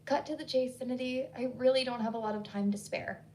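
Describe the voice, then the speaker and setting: A woman's voice: fairly high pitch, lively intonation, moderate pace, slight background noise. A woman voicing a curt, guarded and cold busy woman who snaps defensively. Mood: curt, angry.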